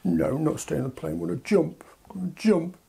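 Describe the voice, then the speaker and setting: Brief: man putting on a husky, whining brat of a country, stubborn and sulky, baby-talk refusals. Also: a little high, a little fast, warm tone, pitched above the performer's own voice, heavily acted. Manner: whiny, repetitive, broken baby talk.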